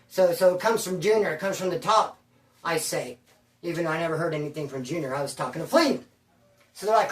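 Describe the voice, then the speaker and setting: A man's voice: high voice, fast. A man telling a roomy, distant prison story. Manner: animated, quoting others, slangy. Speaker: storyteller recounting prison life. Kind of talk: casual profane storytelling. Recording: roomy, voice from afar.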